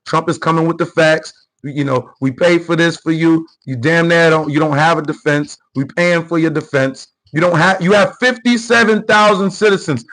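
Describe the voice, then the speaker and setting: A man with a high, lifted voice runs his own political commentary show. He talks off the cuff, circling back on the same phrases in slangy, combative bursts, as if arguing straight at the person on screen. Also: poor audio. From New York. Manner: animated, repetitive, slangy and confrontational.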